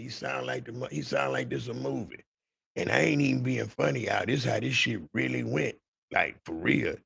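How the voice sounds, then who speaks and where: A man hosting a podcast, telling a story in an animated, profane way and talking to his listeners directly. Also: mid-range voice, vocal fry, husky, highs cut off. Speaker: podcast host. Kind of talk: dramatic storytelling.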